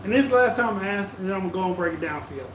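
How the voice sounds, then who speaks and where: A high-voiced man co-hosts a live podcast stream, calling out viewers' comments and hyping up the audience. His voice bounces around an echoey room with faint ambience. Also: lively intonation, racing, noisy background. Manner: hypes up listeners, reads out comments. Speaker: podcast co-host. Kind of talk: casual live-stream chat.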